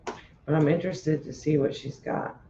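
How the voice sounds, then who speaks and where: Easygoing, slightly high-voiced man. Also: fairly even intonation, moderate pace, dark tone. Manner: easygoing, laughs often. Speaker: livestream co-host. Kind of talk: casual livestream chat. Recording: roomy, dull home audio with faint noise.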